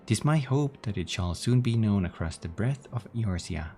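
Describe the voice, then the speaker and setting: Man as a low, gravelly, formal young commander. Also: animated, normal speed, dark tone. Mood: solemn. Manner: formal, archaic phrasing.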